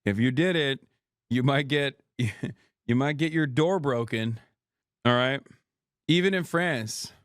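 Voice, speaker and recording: A man's voice: mid-range voice, smooth, no echo, studio quality. Sarcastic, profane man streamer. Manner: sarcastic, profane, laughs often. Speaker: streamer host. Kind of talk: casual commentary.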